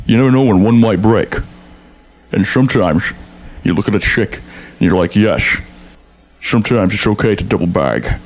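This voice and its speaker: A man's voice: fairly low pitch, animated, moderate pace, pauses often, poor audio. A man doing a celebrity impression, giving crude advice in a mock-solemn way. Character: Sean Connery impression giving crude tips.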